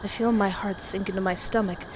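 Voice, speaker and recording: A game streamer reads a horror visual novel aloud in a brisk, mid-range voice, adding commentary, reacting dramatically and laughing often. A steady hiss runs underneath.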